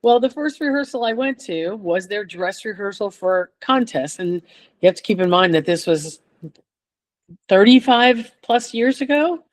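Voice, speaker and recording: An older woman guest chatting in a relaxed way, telling lively stories and laughing often. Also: mid-range voice, moderate pace. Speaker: guest chorus singer. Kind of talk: casual storytelling chat.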